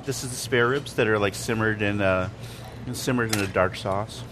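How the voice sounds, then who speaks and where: Relaxed, knowledgeable male food critic. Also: on the low side, moderate pace, a little hiss or hum. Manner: relaxed, knowledgeable, thinks aloud with fillers. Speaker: restaurant critic. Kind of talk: casual conversational explaining. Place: inside a car at a drive-thru, then a restaurant.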